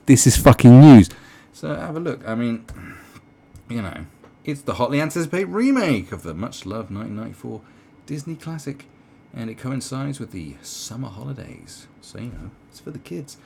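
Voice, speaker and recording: A man's voice: mid-range voice, very animated, normal speed, gravelly, darkish tone, slight background noise. A middle-aged man with a British accent giving a sarcastic, rambling video commentary, swearing and restarting often. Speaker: commentary vlogger.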